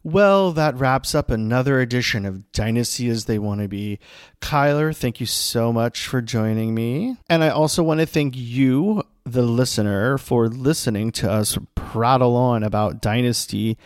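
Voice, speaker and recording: A man hosting a podcast, closing the episode in a playful, animated way and reading out a listener review. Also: medium pitch, moderate pace, clear, resonant tone, no echo, studio quality. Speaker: podcast host. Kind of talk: casual podcast chat.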